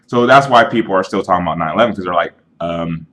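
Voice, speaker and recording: Man, lowish voice, earnest, argumentative, casual rant, webcam mic, indoors. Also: fast talker, fairly bright tone. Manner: earnest, argumentative, explains with analogies. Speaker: vlogger.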